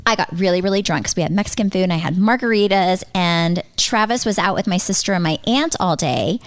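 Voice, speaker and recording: A woman podcast host in casual chat, telling a funny story with lively, self-mocking energy. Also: lowish voice, fairly quick, no room sound.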